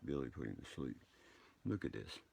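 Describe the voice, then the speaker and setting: Gravelly deep-voiced man, profane and rambling. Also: very animated, moderate pace, a little mellow. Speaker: livestreamer. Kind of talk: rambling late-night livestream talk.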